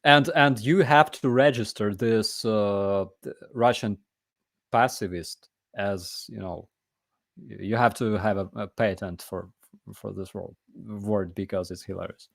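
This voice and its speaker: A man's voice: fairly low pitch, steady tone, unhurried, vocal fry, dry recording. A man from Ukraine with a Ukrainian accent, hosting a live Q&A chat in an emphatic, conversational way. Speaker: host.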